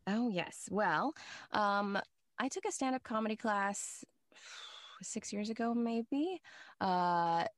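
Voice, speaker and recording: A woman voice actor chatting as a guest in an interview, telling animated anecdotes and laughing often. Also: medium pitch, slow, no room sound, clean studio sound. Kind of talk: casual interview chat.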